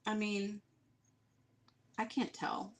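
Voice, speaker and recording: A woman hosting a live craft stream, chatty and excitable, talking straight to her viewers. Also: medium pitch, drawn-out words, background noise. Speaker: DIY craft host.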